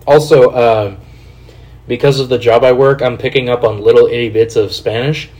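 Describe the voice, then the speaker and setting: Profane, animated podcast host. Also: male voice, mid-range voice, normal speed. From Kansas City, USA. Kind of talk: casual podcast chat.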